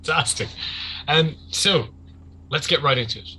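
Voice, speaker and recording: A man's voice: on the high side, moderate pace, pushed and bright, a little hiss or hum, poor audio. A man narrating a tabletop game as game master, chatty and vivid, with many ums.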